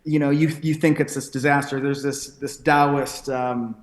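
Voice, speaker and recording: A pro wrestler appearing as a podcast guest talks thoughtfully and philosophically, often restarting his sentences, in a reflective conversation. His voice is medium-pitched with fairly even intonation at normal speed, and the recording has a roomy echo.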